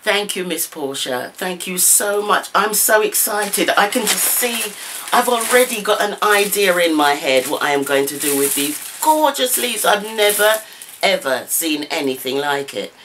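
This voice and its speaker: A woman's voice: medium pitch, unhurried, background noise. Gushing, exclaiming woman crafter. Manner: gushing, excitable, repeated exclamations. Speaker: craft vlogger. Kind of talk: unboxing vlog. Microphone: camera mic.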